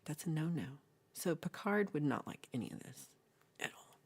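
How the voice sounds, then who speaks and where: A woman's voice: low-pitched, big pitch swings, normal speed, slightly rough. A woman hosting a livestream, chatting casually and retelling a film in a rambling, playful way with asides. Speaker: livestream host.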